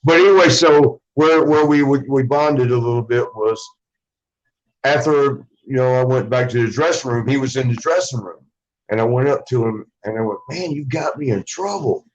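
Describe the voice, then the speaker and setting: A former wrestler as an interview guest, telling stories casually in a rambling way, swearing freely and acting out what others said. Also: male voice, mid-range voice, moderate pace, highs cut off. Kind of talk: casual storytelling.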